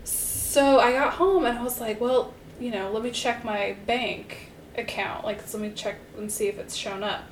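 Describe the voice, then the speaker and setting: A woman co-hosting a podcast in casual chat, self-mocking and quick to laugh, then narrating a cold case. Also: on the high side, echoey room, slight background noise, rough recording. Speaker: podcast co-host.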